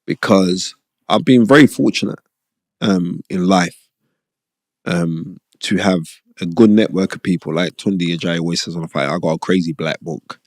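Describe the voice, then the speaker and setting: A middle-aged podcast host tells stories from his boxing days in conversational fashion, animated and emphatic, repeating phrases and often asking "you know what I mean." His voice is low, his speed normal, and there's no room sound.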